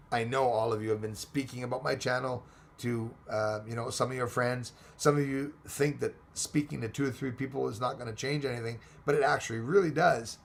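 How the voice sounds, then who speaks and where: A man with a Texan accent hosting a live stream, reading viewer comments aloud and chatting in a rambling, excitable way. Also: mid-range voice, creaky. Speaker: livestream host reading chat. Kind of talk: casual live chat.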